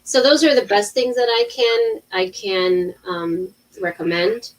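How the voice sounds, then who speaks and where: A woman in her thirties, an intuitive healer talking casually on a livestream, animated, with many restarts. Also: mid-range voice, unhurried, distant mic, rough recording. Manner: animated storytelling with acted-out quotes and many restarts.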